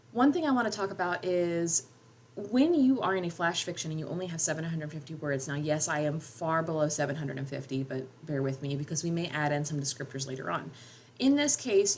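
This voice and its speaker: A woman with a Southern drawl from North Georgia Appalachia casually walks through how she edits a short story, thinking aloud with plenty of ums. She's a writer and editing teacher with a fairly low, darkish voice, and there's slight background noise in this relaxed tutorial.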